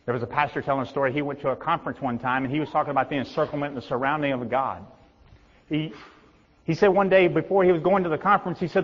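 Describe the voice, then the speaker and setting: A middle-aged male pastor preaching a sermon, swinging between loud emphatic peaks and hushed low tones. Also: fast. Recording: dull reverberant hall sound.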